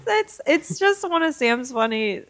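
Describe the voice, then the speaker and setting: A woman's voice: sits high, big pitch swings, unhurried. A woman co-hosting a podcast, chatting casually in a giggly, self-deprecating way. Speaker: podcast co-host. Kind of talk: casual chat.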